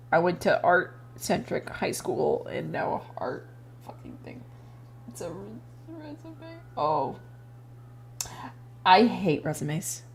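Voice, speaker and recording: Lively, rambling, profane young woman streamer. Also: on the low side, gravelly, slight background noise. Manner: rambling, profane, laughing often. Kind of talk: casual chat while drawing.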